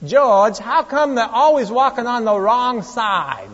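A loud, complaining woman tourist from New York, put on by a male preacher, high-pitched and indignant with a strong New York accent. Her whiny voice rings through a large echoing hall. The recording is dull and lo-fi, with a slightly husky edge. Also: animated, slow, heavily acted. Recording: echoey hall, dull lo-fi sound.

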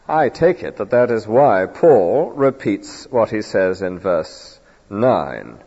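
A man delivers an emphatic sermon with a lively, rising and falling pitch and a mellow, husky tone. His voice rings with long reverb through a church, captured on a dull lo-fi recording. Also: slow. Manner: earnest, emphatic expository preaching. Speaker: preacher.

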